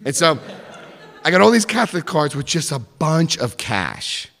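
A man telling a personal story in an animated way, acting out the voices of others. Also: a little high, normal speed, creaky, in a large hall.

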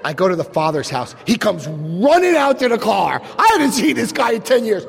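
A man telling a personal story to an audience, animated and laughing, acting out the voices of others. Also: high-pitched, brisk, vocal fry, few pauses. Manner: animated, laughing, acts out quotes. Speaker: speaker sharing a personal story. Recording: long hall reverb.

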